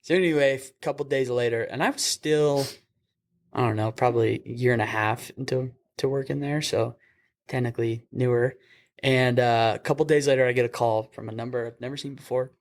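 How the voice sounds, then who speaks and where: A young man, an EMT and podcast host, telling a story with lively acted-out quotes and frequent laughter. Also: medium pitch, a little fast. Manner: animated storyteller, acts out quotes, laughs often. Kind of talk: casual storytelling chat.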